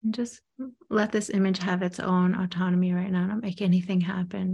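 A woman telling a reflective story about guiding someone, hesitant with many pauses, dropping to a whisper when she quotes. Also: lowish voice, level tone, gravelly, mellow, husky. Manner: drops to a whisper when quoting.

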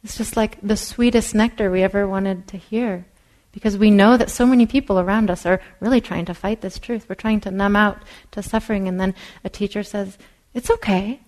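A woman meditation teacher giving a dharma talk in a soft, unhurried way, sometimes dropping to a whisper. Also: medium pitch, steady tone, poor audio. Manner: soft-spoken, drops to a whisper at times.

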